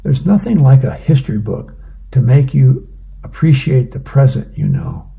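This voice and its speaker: A man's voice: medium pitch, expressive, moderate pace, vocal fry, dark tone, voice pushed up. A man reading a comic aloud, voicing a bumbling, self-satisfied husband in an earnest, musing way.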